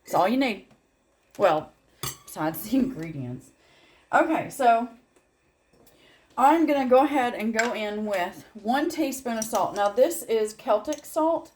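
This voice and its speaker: A woman's voice: a little high, animated, measured pace, pauses often, a little mellow, slight background noise. A middle-aged woman with a Southern accent, hosting a home cooking video, chatting through a recipe with rambling asides and little laughs. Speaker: home cooking channel host. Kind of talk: casual cooking demonstration.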